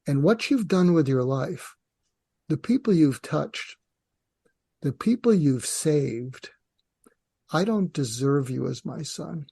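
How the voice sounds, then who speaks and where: An older man with a gravelly, creaky voice tells a personal story. He is reflective and halting, restarting his sentences. The sound is dry and close to the mic. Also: fairly high pitch, expressive, dark tone, no echo. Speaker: podcast co-host, psychiatrist.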